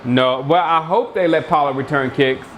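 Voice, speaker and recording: A man's voice: fairly high pitch, normal speed, slight background noise. A man hosting a football watchalong, chatting casually and rambling as he thinks aloud, a bit sleepy. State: sleepy, yawning. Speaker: watchalong host. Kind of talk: casual live chat commentary.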